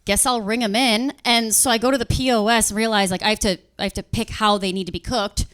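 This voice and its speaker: A young woman doing stand-up comedy on stage in front of a live audience. She tells a story and acts out customers and bosses in quick quoted voices. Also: fairly high pitch, fairly even intonation, fairly bright tone, clear, resonant tone.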